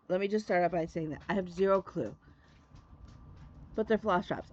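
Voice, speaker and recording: A middle-aged woman from Michigan hosts a stitching video, her lowish, slightly mellow voice expressive at a moderate pace, often pausing. The lo-fi recording has no echo. As a flosstube host she chats casually and effusively, repeating "love me a."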